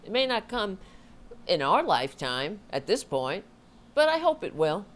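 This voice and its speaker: Slow-talking woman commentator, exasperated. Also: medium pitch, big pitch swings. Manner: exasperated, sarcastic, swears at clips. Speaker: political commentary host. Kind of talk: reacting to clips, casual commentary.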